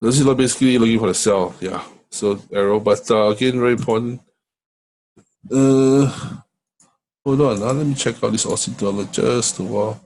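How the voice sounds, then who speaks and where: Husky middle-aged guy talking thru forex charts, chatty, lots of "right?". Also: mid-range voice, moderate pace, a little mellow, low-quality recording. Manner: conversational, many fillers and "right?" checks. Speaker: forex trading coach. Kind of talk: screen-share trading lesson.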